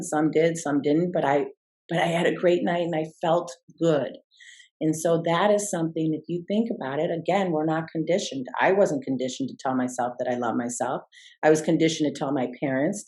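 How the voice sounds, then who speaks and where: A woman's voice: low-pitched, darkish tone. A middle-aged woman and life coach, telling a personal story in an interview in an earnest, reflective way with frequent restarts.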